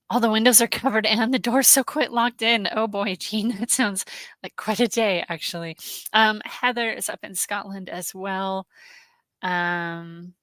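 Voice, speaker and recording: A woman hosting a live stream, chatting warmly and greeting viewers by name, with many "um"s, emotional and close to tears. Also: mid-range voice, dry recording. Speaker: host, genealogy research specialist.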